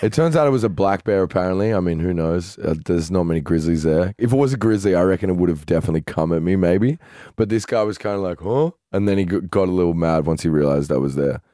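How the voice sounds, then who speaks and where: Deep-voiced Australian man telling a story. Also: fast talker, no room sound, studio quality. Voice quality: swears freely, animated retelling. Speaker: podcast co-host. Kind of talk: casual storytelling chat.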